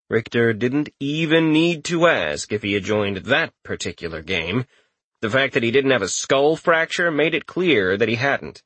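A man reading an audiobook aloud in a lively, expressive way. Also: mid-range voice, moderate pace, no echo. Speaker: audiobook narrator. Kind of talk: scripted narration.

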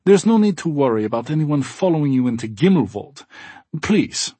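A man's voice: on the high side, sing-song, normal speed, warm tone, breathy edge, no echo, voice pushed up. A man voicing a big, cheerful blond male AI guide with a slight German accent, polite and formal. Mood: apologetic polite.

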